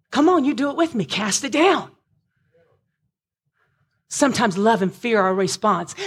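Husky impassioned woman preacher. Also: mid-range voice. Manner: impassioned, rising to shouts and breaking voice. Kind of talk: sermon.

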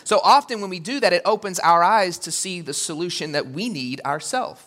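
Guy preaching a sermon, kinda high bright voice, gets real animated doing voices for the stories. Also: normal speed. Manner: animated, acts out quotes with big pitch jumps. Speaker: pastor.

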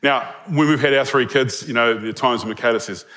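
A man's voice: medium pitch, a little fast, sharp tone. A man preaching a sermon in a conversational way, often checking in with his listeners and chuckling between points. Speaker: pastor.

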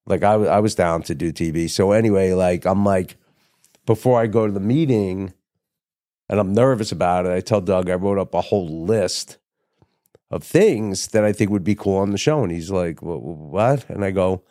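A man's voice: low-pitched, moderate pace, warm tone, no echo, clean studio sound. A middle-aged man telling a long story in a casual interview, rambling and swearing freely as he acts out the voices of people he quotes. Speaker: guest, TV writer and producer.

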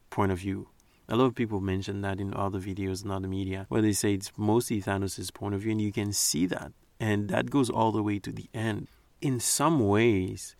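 A man's voice: fairly low pitch, no room sound. A man giving casual, earnest commentary on a movie scene, reflecting as he analyzes it.

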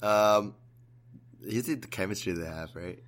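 A man's voice: lowish voice, unhurried, a bit bright, slight background noise. A man co-hosting a podcast in casual chat, rambling with fillers and laughing often. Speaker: podcast co-host; works in process optimization.

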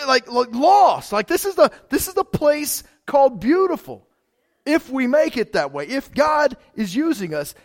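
A man preaching a sermon as pastor, talking in a loose, conversational way with frequent repeats and fillers like "man" and "like.". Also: very high voice.

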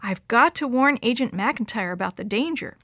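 A woman voicing a brave, determined young woman in a storm, speaking earnestly and sometimes shouting over the wind. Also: a little high, animated, normal speed, dry recording, studio quality.

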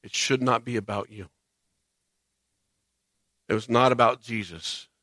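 Male pastor, sermon delivery, bright tense tone, dramatic swings in volume, acts out voices. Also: medium pitch, unhurried, no room sound. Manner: animated preaching, acts out quoted voices, swings loud and soft.

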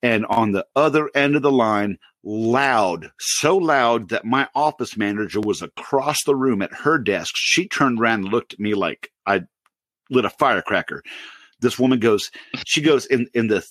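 Animated storytelling man in his forties. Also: medium pitch, normal speed, dry recording. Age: 40s. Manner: animated storyteller, loud impressions and laughter. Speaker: podcast co-host. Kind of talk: casual storytelling chat.

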